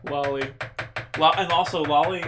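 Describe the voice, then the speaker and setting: A man's voice: on the high side, steady tone, normal speed, noisy background. A man hosting a livestream, chatting playfully and laughing as he reads viewer comments. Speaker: livestream host. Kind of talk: casual chat reading viewer comments.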